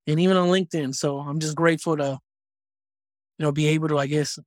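A man in his thirties, a podcast guest, telling stories in a casual, animated way with frequent ums. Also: fairly high pitch, fast talker, no echo, studio quality. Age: 30s. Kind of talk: casual storytelling chat.

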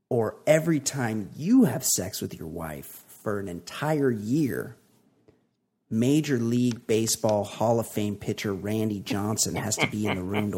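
Male podcast host, husky, playful and jokey, casual banter. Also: on the low side, a little mellow. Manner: playful, reads listener messages with mock drama. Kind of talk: casual comedic chat.

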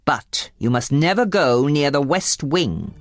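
A woman voicing a short-tempered, hairy male beast in a storybook reading, shouting gruffly. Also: sits low, expressive, unhurried, faint music behind. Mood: stern.

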